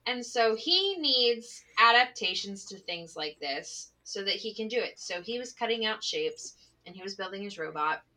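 A woman who works as a special education teacher, telling a story in casual chat, animated and full of "like", laughing as she goes. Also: mid-range voice, normal speed, poor audio.

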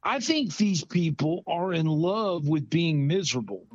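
A man's voice: fairly high pitch, very animated, a little slow, dry recording, highs cut off. A man co-hosting a casual, joking chat, sarcastic and fond of putting on silly voices. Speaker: podcast co-host.

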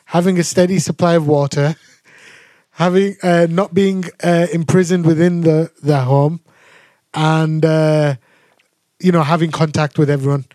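A man's voice: on the high side, fairly even intonation, unhurried, warm tone, no echo. A man co-hosting a podcast, playful and slangy in casual banter. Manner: playful, laughing, London slang. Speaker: podcast co-host.

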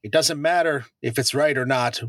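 A man as gruff, blunt soldier. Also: mid-range voice, normal speed, fairly bright tone, dry recording, clean studio sound, voice pushed down, close to an everyday voice.

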